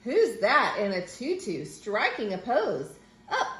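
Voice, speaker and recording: A woman reads a children's storybook aloud, her fairly high voice swooping wildly up and down in a sing-song lilt. She takes it slow and unhurried. The sound is roomy and echoey. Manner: sing-song, expressive, with playful squeaky character voices. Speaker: teacher reading aloud to children.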